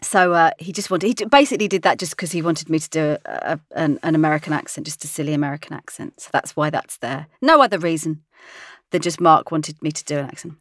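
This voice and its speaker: A woman's voice: sits low, fast talker, dry recording, studio quality. A woman, an actress, chatting in an interview, laughing often as she tells stories. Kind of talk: casual interview chat.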